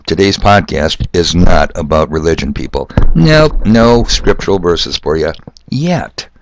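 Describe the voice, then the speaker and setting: A man's voice: low voice, no echo. An older man hosting a solo podcast, talking in a sardonic, ranting way. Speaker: podcast host. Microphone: corded mic.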